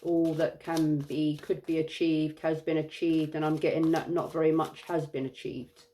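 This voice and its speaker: A tired woman giving an intuitive tarot reading, musing and halting with many fillers. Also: low voice, little pitch movement, dark tone, slight background noise. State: tired, yawning. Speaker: tarot reader.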